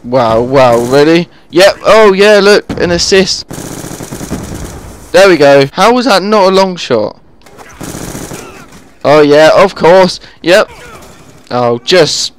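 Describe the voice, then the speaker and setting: A man's voice: a little high, expressive, slow pace, long pauses, a little hiss or hum. A man giving live commentary over his own gameplay, easily exasperated and groaning whenever the game goes against him. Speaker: gaming channel host.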